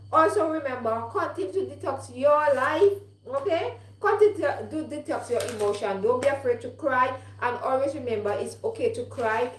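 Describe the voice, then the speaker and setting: A middle-aged woman giving earnest, repetitive life advice in a live-streamed motivational talk, with frequent fillers. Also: medium pitch. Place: home in London. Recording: echoey room.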